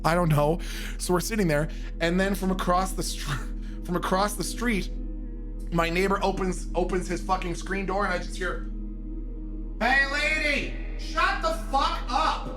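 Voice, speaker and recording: A man from Canada telling a comic story in an animated, profane way, acting out the voices in it. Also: high voice, moderate pace, over music. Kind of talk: comedic storytelling.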